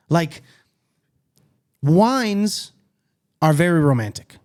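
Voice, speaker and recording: A man co-hosting a podcast, chatting in a blunt, animated way and swearing freely. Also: on the high side, measured pace, long pauses. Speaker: podcast co-host. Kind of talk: casual chat. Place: studio.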